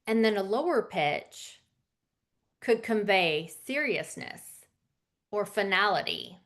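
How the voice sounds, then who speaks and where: A woman's voice: medium pitch, animated, takes it slowly, fairly bright tone. A woman teaching a casual lesson on public speaking, conversational with fillers and asides.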